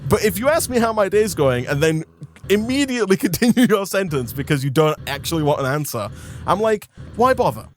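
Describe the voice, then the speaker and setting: A young man ranting about a pet peeve in casual banter, animated and mock-outraged. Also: sits high, a little fast, slight background noise. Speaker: co-host.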